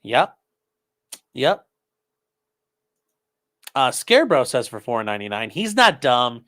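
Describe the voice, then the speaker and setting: Guy streaming, reading chat and snarking back, bright voice, pitch all over the place. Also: sing-song, slow pace. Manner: sarcastic, reads donor messages aloud. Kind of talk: casual commentary stream.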